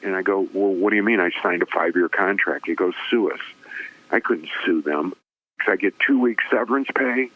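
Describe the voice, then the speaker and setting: A man's voice: low voice, brisk. A man, a former radio personality, telling an emotional personal story as an interview guest, acting out the voices of the people in it. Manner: dramatic storyteller who acts out quoted voices; emotional, voice rising with feeling. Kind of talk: personal testimony in conversation. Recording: tinny phone-line sound.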